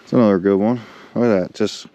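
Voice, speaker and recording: A man vlogging while fishing, chatting casually and getting excited, talking to the fish he catches. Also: lowish voice, fast, a little hiss or hum. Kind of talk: casual chat. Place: on a boat outdoors.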